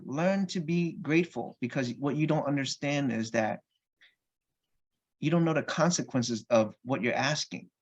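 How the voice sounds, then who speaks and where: A man telling a personal family story on a podcast in a lively, anecdotal way, with frequent restarts. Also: mid-range voice. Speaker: podcast guest. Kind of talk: casual storytelling.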